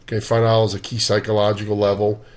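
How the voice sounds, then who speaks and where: A man's voice: lowish voice, completely flat delivery, fast, darkish tone. A man giving a casual, conversational walkthrough of stock charts, loose in his phrasing and dropping dry, sarcastic asides. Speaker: stock market analyst.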